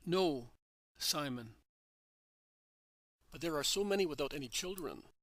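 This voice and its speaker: A man reading the part of a gentle, kindly male religious teacher, calm and reassuring. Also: fairly high pitch, a little slow, no room sound.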